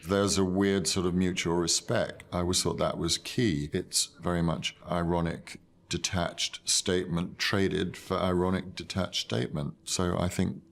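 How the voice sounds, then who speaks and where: An older man, an actor, recalling a film role in a measured, thoughtful, self-deprecating interview. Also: low-pitched, flat delivery, creaky, slight background noise. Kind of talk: reflective interview.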